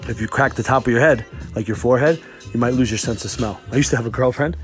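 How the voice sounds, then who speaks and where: A young man hosting a podcast alone, talking in a profane, rambling, animated way. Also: medium pitch, fast, soft background music. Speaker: podcast host. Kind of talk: casual monologue.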